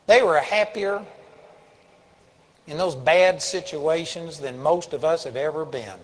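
A man's voice: on the high side, a little slow, low-quality recording. A man preaching a sermon, telling stories earnestly with emphatic rising bursts. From United States.

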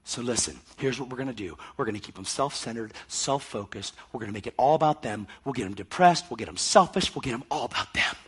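A preacher voicing a scheming male Satan who huddles his demons and talks in a hushed, conspiratorial way. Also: medium pitch, very animated, fast, hardly any pauses, slightly rough, full character voice.

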